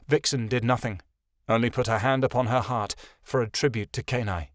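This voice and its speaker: Man, audiobook narrator, measured, mid pitch, dry close sound. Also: steady tone, dry recording. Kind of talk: scripted narration.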